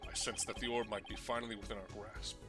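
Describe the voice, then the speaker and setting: A confident older treasure hunter with a steady, fatherly manner, as a man reads him aloud from a game. His voice sits a little low. Loud game music plays behind him. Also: quick pace, close to an everyday voice. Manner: steady, fatherly, calls his partner son. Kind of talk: reading game dialogue aloud.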